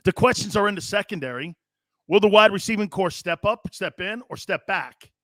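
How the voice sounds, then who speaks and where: A brash man hosting a sports talk show, loud and joking and quick to laugh at viewer comments. His voice sits high and bright, with a forceful edge. The mic is close and the sound is dry, with no room in it. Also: dry recording.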